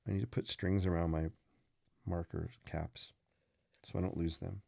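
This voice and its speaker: Drawing on a live stream, a man teaching sketching rambles casually and cracks jokes along the way. His voice is deep and gravelly, a bit mellow, with a flat delivery at a moderate pace. A slight hiss or hum sits in the background.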